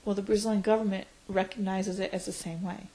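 A woman in her forties, reflecting on her life in an interview, pausing often with fillers. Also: medium pitch, level tone, warm tone, poor audio. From United States. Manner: reflective, hesitant with frequent fillers. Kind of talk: oral history interview.

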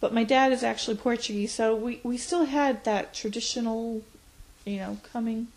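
A woman in her forties, reflecting on her life in an interview, pausing often with fillers. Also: on the high side, steady tone, a little mellow, low-quality recording. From United States. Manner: reflective, hesitant with frequent fillers. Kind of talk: oral history interview.

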